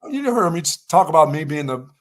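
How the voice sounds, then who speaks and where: An older man from North Carolina co-hosts a sports talk show with a slightly raised pitch. He tells a long, rambling story in easy conversation and throws himself into the quoted lines. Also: sing-song, fast talker. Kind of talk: casual storytelling chat.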